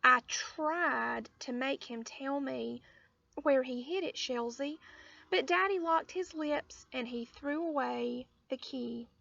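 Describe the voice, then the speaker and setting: A woman doing a shrill, showy little rich girl. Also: slow pace, creaky, pushed and bright, no echo, heavily acted. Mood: pleading. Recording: dull lo-fi audio.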